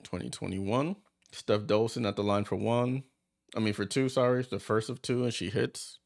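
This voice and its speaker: Gravelly low-voiced man calling a game. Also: normal speed. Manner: chatty and excitable, reacting aloud to plays. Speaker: watchalong host. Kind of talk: casual live play-by-play commentary.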